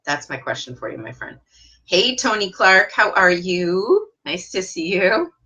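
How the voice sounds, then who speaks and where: A woman teaching an online English lesson, reading out viewer comments and asking direct, encouraging questions with lively jumps in pitch. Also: a little slow, breathy edge, lo-fi sound.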